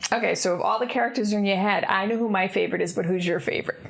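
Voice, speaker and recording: A woman's voice: medium pitch, fairly even intonation, rapid-fire, creaky. A woman in a casual chat with her partner, teasing him and asking him questions. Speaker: co-host, host's partner.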